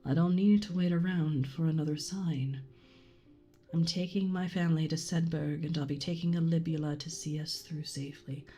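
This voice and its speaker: A woman's voice: sits low, steady tone, moderate pace, dark tone, slightly rough, soft background music. A woman doing a shaken villager man with a put-on accent. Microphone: condenser desk mic.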